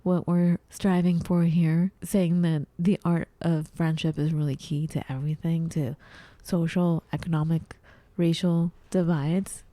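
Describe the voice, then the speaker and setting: Deep, mellow-voiced woman co-host. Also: a little slow, dry recording. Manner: animated, acts out her own confused voice. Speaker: podcast co-host. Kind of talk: casual chat. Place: at home.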